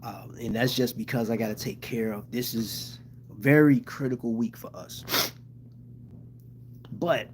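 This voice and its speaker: A man talks straight to his livestream viewers in a loose, heartfelt way, full of fillers and broken-off phrases. His voice sits at a middle pitch. Faint background noise runs under the talk. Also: steady tone. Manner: halting, with many restarts and fillers; heartfelt and grateful. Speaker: channel host.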